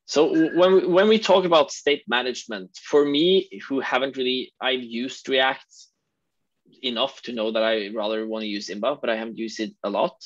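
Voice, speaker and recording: A man's voice: mid-range voice, normal speed, no echo. Man on dry, dull call audio. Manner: relaxed, many short agreeing replies. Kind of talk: casual video call chat. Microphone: video call.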